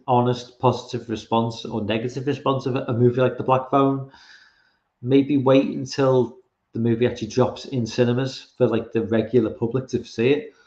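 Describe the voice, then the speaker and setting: With a mid-range, darkish voice, a man from outside America runs a casual livestream as its podcast host. He reads the chat, rambling, swearing, and frequently restarting, and the recording comes across as roomy and a bit dull.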